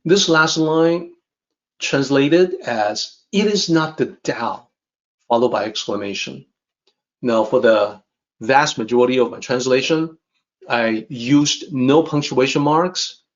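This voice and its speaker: A man explaining an ancient text as a teacher, in a calm, measured lecture that repeats points for emphasis. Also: mid-range voice. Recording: dull, slightly muffled recording.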